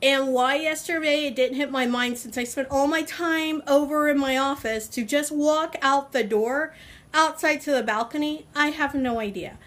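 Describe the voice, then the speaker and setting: A woman's voice: high-pitched, moderate pace, fairly bright tone. A woman in her forties talking casually on a self-help vlog, chatty, laughing often and stretching her words. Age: 40s. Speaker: vlogger. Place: outdoors on a balcony.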